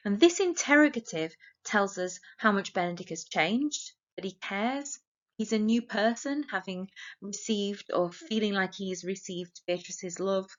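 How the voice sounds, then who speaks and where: English lady teacher going through a play for exam prep, mid-pitch voice, slightly muffled audio. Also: unhurried. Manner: explains steadily, reading quoted lines aloud plainly. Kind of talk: annotating a play for exam revision.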